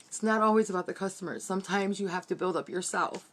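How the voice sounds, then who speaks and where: A woman's voice: medium pitch, fast, hardly any pauses, slight background noise. Earnest woman giving a motivational pep talk. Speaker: team leader giving a sales training. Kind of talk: motivational team training talk. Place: her bedroom at home.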